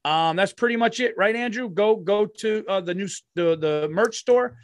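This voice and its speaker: A man in his forties chatting as a podcast co-host, excitable, laughing often and cursing freely. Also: sits high, moderate pace, no echo. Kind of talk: casual chat.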